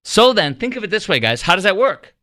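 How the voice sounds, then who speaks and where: Radio guy rambling on air, bright edgy voice, super dry studio sound. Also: high-pitched, brisk, no echo. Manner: animated, rambling, teasing questions to the producer. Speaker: radio talk show host. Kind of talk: casual talk radio monologue.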